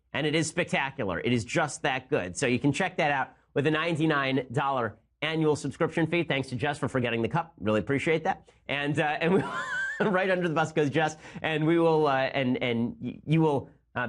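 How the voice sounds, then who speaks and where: A man hosting a political talk podcast, speaking in a rapid-fire, sarcastic, mocking way. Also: on the high side. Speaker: podcast host.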